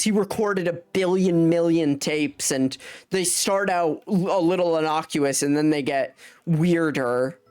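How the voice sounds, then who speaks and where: A woman's voice: fairly low pitch, a little mellow, clear, resonant tone. A young adult woman streaming a game, chatting in a rambling way, swearing freely and laughing mid-sentence. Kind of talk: casual live-stream chat while gaming. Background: faint game music.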